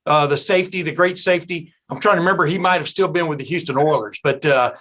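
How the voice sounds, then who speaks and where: A man from East Texas hosts a sports podcast in a loose, chatty way. He wanders into asides and leans on fillers before handing the story back to his guest. His voice sits a little higher than most men's. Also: fast talker, fairly bright tone. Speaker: podcast host. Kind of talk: casual podcast interview.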